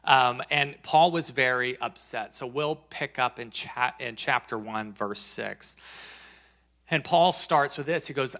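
A man's voice: mid-range voice, a little slow, bright, forceful tone. A man preaching a sermon as pastor, talking in a conversational, joking way and reading scripture aloud.

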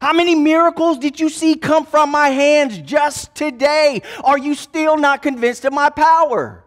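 Preacher voicing Jesus: commanding adult man, high voice, stern rebuking questions, slow. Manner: rapid string of rebuking rhetorical questions. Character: stern, commanding adult male Jesus scolding his followers. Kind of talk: sermon storytelling.

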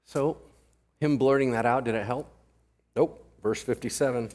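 With a medium-pitched, slightly mellow voice, this pastor gives a conversational sermon. Quick questions go out to the congregation, and humorous asides mix with his sincere teaching.

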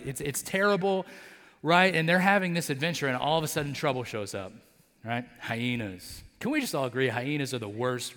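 Male pastor, conversational sermon, slightly higher voice, filler-heavy, long hall reverb. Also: fairly bright tone. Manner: conversational, many fillers like "like" and "right?"; acts out characters' lines in his storytelling. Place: church sanctuary.

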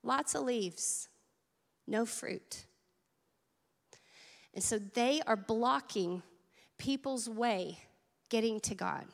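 A woman's voice: fairly high pitch, drawn-out words, gravelly, long pauses, big-room sound. A woman preaching a sermon at church, earnest and conversational, with asides to the congregation. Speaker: teaching pastor.

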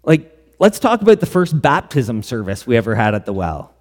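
A middle-aged male pastor tells stories in an earnest sermon, quoting dialogue in a very animated, brisk voice of medium pitch. A long hall reverb surrounds his words.

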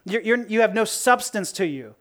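A woman's voice: mid-range voice, animated, normal speed, close to an everyday voice. A woman voicing a fiery defiant apostle. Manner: defiant, cutting retorts. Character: fiery outspoken male apostle on trial.

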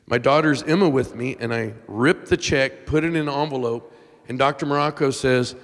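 A middle-aged man preaching a sermon, telling a personal story with strong emotion, dropping to a hush and rising to shouts. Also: medium pitch, normal speed. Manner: emotional, swings from hushed to shouting. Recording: long hall reverb.

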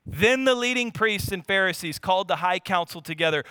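A man in his thirties preaches with passion, his high, bright voice rising to loud emphasis and then dropping low and quiet. His tone is smooth and clear, recorded close and dry. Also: steady tone, fairly quick, no room sound. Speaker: pastor. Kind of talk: sermon.

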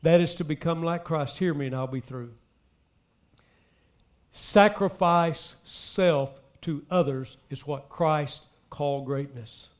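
A man preaching a sermon, speaking straight to the congregation with emphatic swells and soft drops. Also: on the high side, slow pace. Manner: addresses the congregation directly. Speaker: pastor.

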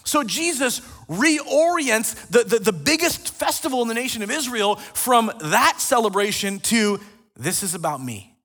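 High-voiced bright pastor preaching. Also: male voice, unhurried, few pauses. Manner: animated storytelling, quoting scripture. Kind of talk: sermon. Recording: long reverb of a large hall.

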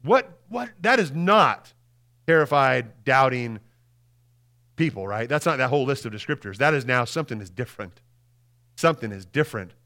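Animated pastor man preaching. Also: medium pitch, normal speed. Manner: animated, conversational, often repeats words and asks "right?"; swings between loud emphasis and quiet, hushed lines. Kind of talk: Easter Sunday sermon.

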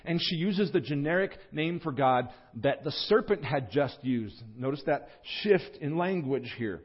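A man preaching a sermon, teaching through a scripture passage in an earnest tone with fillers and restarts, jumping up in pitch and volume when he voices the words he quotes. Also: expressive, unhurried, slightly rough, lo-fi sound. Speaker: pastor. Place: church.

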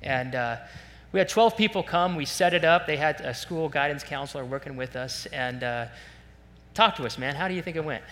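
A man preaching a sermon, telling a story in a conversational, animated way with self-deprecating asides. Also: a little high, moderate pace. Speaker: pastor. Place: church sanctuary. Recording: long reverb in a large hall, faint hum.

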